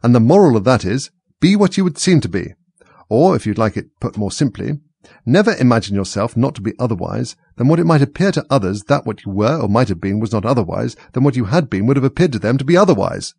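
A man's voice: medium pitch, very animated, fast talker, vocal fry, darkish tone, slightly rough, no echo, heavily acted. A man voicing a pompous, moralizing older noblewoman in a storybook reading, with a sing-song, preachy delivery. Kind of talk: audiobook character reading.

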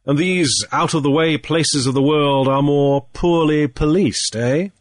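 Male reader playing a shrewd sea trader, airy and brisk, slightly raised voice, dry sound. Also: fairly high pitch, dry recording, pitched above the performer's own voice, natural voice. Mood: cool, probing. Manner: brisk, airy, with little hesitations. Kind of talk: audiobook character voice.

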